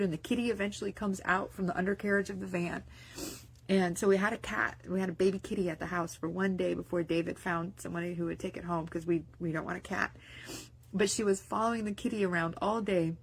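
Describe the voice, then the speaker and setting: A woman vlogger who works on mindset and owns a business talks in a casual, rambling spoken-diary monologue. Her voice is medium-pitched and slightly rough, and she restarts often and uses many fillers.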